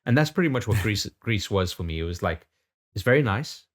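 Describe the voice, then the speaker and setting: A man's voice: on the low side, very animated, a little fast. A man in his thirties from the UK, co-hosting a casual podcast chat, rambling with lots of restarts and casual swearing. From United Kingdom. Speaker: podcast co-host.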